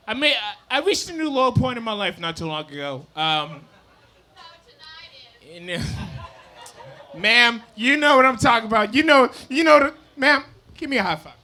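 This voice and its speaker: A man's voice: very high voice, lively intonation, normal speed, some chatter behind. A drunk young man doing a rambling, apologetic stand-up set on a comedy club stage. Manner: rambling, apologetic, loose and loud.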